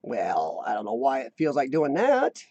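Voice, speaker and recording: A man's voice: mid-range voice, wildly swooping pitch, normal speed, darkish tone, slightly rough, no room sound, muffled recording. An American man hosting a casual live stream, chatting loosely with viewers and reading their comments aloud. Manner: chatty, rambling, reads chat aloud.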